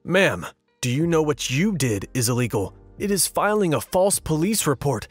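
A man's voice: on the high side, normal speed, slightly rough, no echo, faint music behind. A man reading a fed-up police officer. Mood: exasperated. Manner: calm but fed-up, flatly polite. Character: weary, annoyed male police officer.

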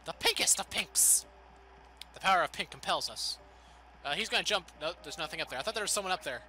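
A man giving excitable, goofy gameplay commentary as a let's play host, with faint game music behind. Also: high-pitched, fast, slight background noise. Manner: excitable, goofy, exclaims loudly.

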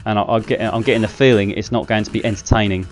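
A man giving casual, self-mocking commentary while playing a fighting game, with excitable outbursts. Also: lowish voice, quick pace, faint music behind. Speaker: gaming channel host.

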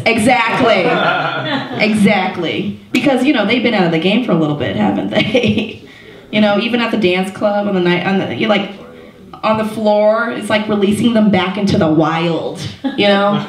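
Chatty woman comic in an echoey room. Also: mid-range voice. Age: 30s. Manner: chatty, self-mocking, lots of "like" and "you know". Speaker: stand-up comedian. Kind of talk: stand-up comedy set. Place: small comedy venue with a live audience.

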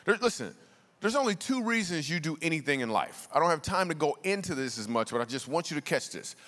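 A man's voice: fairly high pitch, sing-song, a little fast, fairly bright tone. A man, a comedian and guest speaker, telling funny stories to a church congregation in a loose, slangy, conversational way. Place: large church auditorium. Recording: long reverb of a large church hall.

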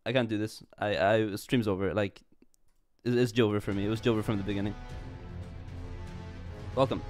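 A man's voice: on the low side, steady tone, moderate pace, a little mellow. A young man livestreaming a game, chatting in a goofy, rambling, self-mocking way with stammered restarts. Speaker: streamer. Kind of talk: casual game livestream chat. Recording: jazz music faintly behind.

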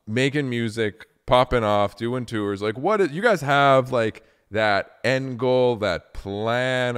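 A man's voice: fairly low pitch, smooth. A man hosting a podcast interview, chatting loosely and swearing casually. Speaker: podcast host.

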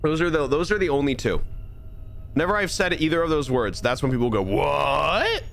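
A man with a Californian accent giving live commentary as he plays a game, animated and incredulous, often repeating words and restarting sentences. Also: a little high, quick pace. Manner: rambling, restarts and stammers. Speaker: streamer.

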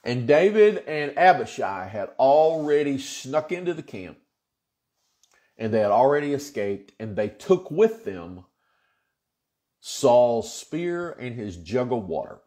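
A man leads a relaxed Bible study as pastor. His speech is slow and unhurried, with a voice that swings widely up and down. He sounds folksy and earnest, with plenty of easy fillers. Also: mid-range voice. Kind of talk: casual Bible study chat.

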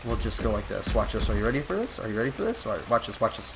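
A young man giving casual gaming commentary, swinging from mock grief to frantic yelling and swearing. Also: mid-range voice, lively intonation, racing, vocal fry, a little hiss or hum, poor audio. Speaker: gameplay commentator.

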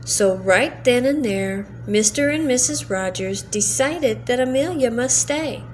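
Grandmother narrator for a bedtime story: slow, soothing, slightly high voice. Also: animated, slight background noise. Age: older. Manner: slow, gentle, soothing reading. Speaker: grandmother reading aloud.

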